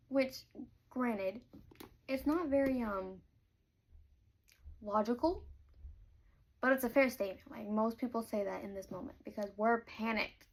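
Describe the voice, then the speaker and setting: Gushing chatty woman, fairly high voice. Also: measured pace, long pauses, slight background noise. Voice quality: gushing, chatty, many fillers like "like" and "um". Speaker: book reader reacting to a novel. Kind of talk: casual chat mixed with reading aloud.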